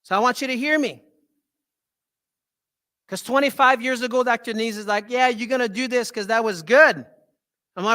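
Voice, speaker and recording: A man with a French Canadian accent, a holistic health doctor giving a live talk to an audience, animated and often asking "right?". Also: very high voice, brisk, long pauses.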